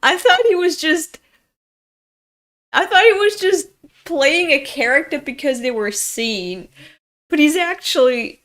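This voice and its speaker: A woman's voice: sits high, expressive, measured pace, pauses often, a bit bright. A woman reading a comic aloud in a chatty, casual way, laughing and swearing as she goes. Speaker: comic reader.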